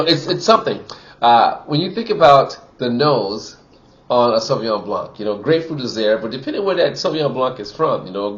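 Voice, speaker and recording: A man's voice: mid-range voice, dull audio. A man giving a casual wine tasting review, chatty and full of "you know" fillers, from Wisconsin.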